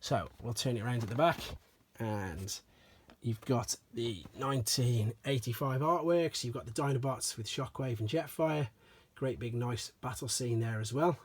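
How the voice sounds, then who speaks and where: A man doing a casual show-and-tell review of collectible toys, chatty and relaxed, often repeating stock phrases like "as I say". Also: medium pitch, moderate pace, slightly rough.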